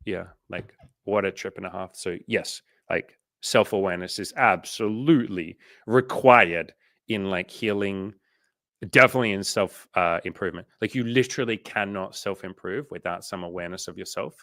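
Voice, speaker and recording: A man's voice: deep voice, normal speed, fairly bright tone, no room sound. A man hosting a casual livestream coaching chat, swearing casually and animatedly retelling conversations.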